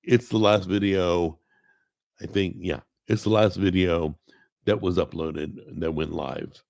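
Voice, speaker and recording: A man's voice: sits low, fairly even intonation, slow pace, gravelly, darkish tone. A man hosting a live stream, chatting casually and rambling, greeting people in the chat and often correcting himself. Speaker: host.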